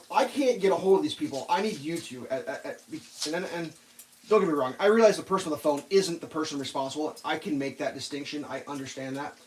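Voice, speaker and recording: A man's voice: fairly high pitch, recorded from a distance, low-quality recording. A man telling a sarcastic, exasperated story in a casual rant while cooking in a home kitchen. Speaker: cooking vlogger.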